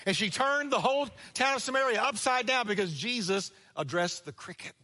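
Bright-voiced preacher in a reverberant church. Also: male voice, very high-pitched, a little fast. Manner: energetic preaching with sudden drops to quiet, acted-out quotes. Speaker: pastor. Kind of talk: sermon. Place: church sanctuary.

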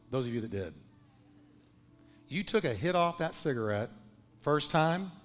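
A pastor preaching a sermon in a church, swinging between loud, ringing calls and hushed, low lines. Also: male voice. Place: church sanctuary. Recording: long hall reverb with faint music.

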